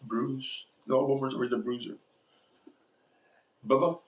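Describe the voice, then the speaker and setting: Speaking slowly in a steady, mid-range voice, a pastor tells humorous personal anecdotes in his sermon and laughs at them as he goes. The audio is narrow and tinny, with the echo of a church sanctuary.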